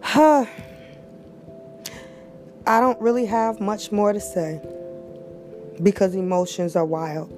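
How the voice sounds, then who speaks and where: A woman's voice: mid-range voice, steady tone, takes it slowly, pauses often, darkish tone, soft background music. A middle-aged woman hosting a podcast, speaking emotionally and near tears, with heartfelt, preacher-like repeated phrases and a prayer. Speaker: podcast host.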